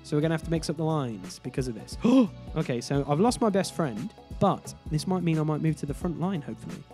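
A man's voice: on the high side, lively intonation, fast, darkish tone, faint music behind. A man giving casual let's-play commentary over his hockey game, often exasperated and exclaiming at what happens. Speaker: gaming YouTuber.

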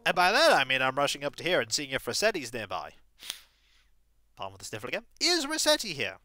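A woman's voice: very deep voice, big pitch swings, a little fast, pushed and bright, soft background music. A woman streaming a cozy game, chatting playfully with rambling, jokey asides. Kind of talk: casual game-stream chat.

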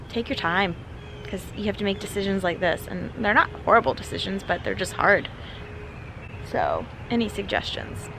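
A woman vlogging through her day, talking casually to the camera and now and then to her dog in a high sing-song voice. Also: fairly bright tone, a little hiss or hum. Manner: chatty, talks to her dog in a high baby voice. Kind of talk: casual vlog chat. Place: car, street and home porch, some outdoors.

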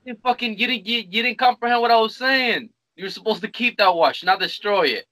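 Blunt, high-voiced man hosting a chat show. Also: brisk, sharp tone, no room sound, poor audio. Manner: blunt, profane, cuts in with questions. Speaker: podcast host. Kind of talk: casual chat.

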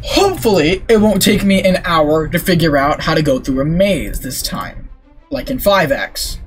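Excitable young man with a lively pitch. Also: normal speed. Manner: excitable, talks to himself, swears at the game. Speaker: gaming YouTuber. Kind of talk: let's play commentary. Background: game music.

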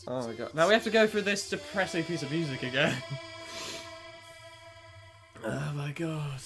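A man talks through a reaction video, his voice a little high and full of emotion. He swears, laughs and rambles. Loud music from the show plays under his voice. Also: normal speed, creaky. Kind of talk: casual reaction commentary.

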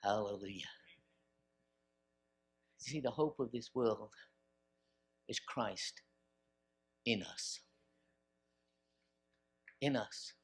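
A man delivers a church sermon, his voice sitting at an ordinary middle pitch. He builds to forceful, emphatic peaks and then drops into quieter, intimate passages. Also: extremely slow, long pauses, slightly rough. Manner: emphatic preaching with rising bursts and quiet stretches. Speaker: pastor. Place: church service.

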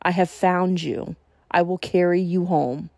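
A kind, caring shepherd from a children's storybook, as a woman reader puts him on. He speaks gently and reassuringly, at an unhurried pace. The sound is close and dry. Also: fairly low pitch, fairly even intonation, gravelly, no echo. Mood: tender.

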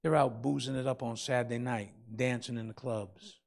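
A man preaching a sermon as pastor, swinging between loud and soft and calling out to the congregation. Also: mid-range voice, steady tone, moderate pace, gravelly.

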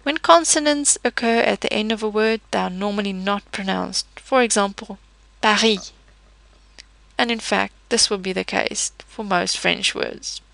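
A woman teaching a French pronunciation lesson in a patient, methodical way, slowing down to model each word. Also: mid-range voice, gravelly, fairly bright tone, no echo. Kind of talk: explanatory language lesson.

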